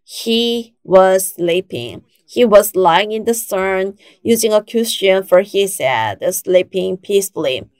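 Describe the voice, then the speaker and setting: A woman in her forties preaching a sermon, slow and emphatic, rising sharply when she quotes herself. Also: mid-range voice, expressive, a little mellow, dry recording. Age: 40s.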